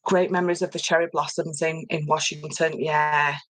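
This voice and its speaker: Middle-aged woman, casual livestream host, low-pitched, dry close sound, chatty and rambling. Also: flat delivery, moderate pace, fairly bright tone, dry recording, rough recording. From England. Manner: chatty, rambling, reads viewer comments aloud. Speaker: papercraft host. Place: home craft room.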